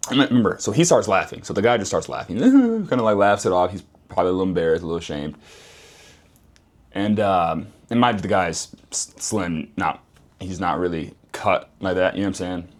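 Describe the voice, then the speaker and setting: A man speaks straight to camera in a relaxed, slang-heavy storytelling voice. His pitch jumps around a lot as he gets worked up, and he keeps circling back to repeat his points. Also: a little fast. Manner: animated, slangy, repeats phrases for emphasis. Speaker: vlogger. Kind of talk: casual storytelling monologue.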